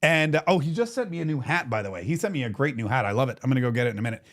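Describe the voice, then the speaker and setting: A man hosting a political talk show, telling a rambling story in a casual, animated way. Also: medium pitch, very fast. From Florida.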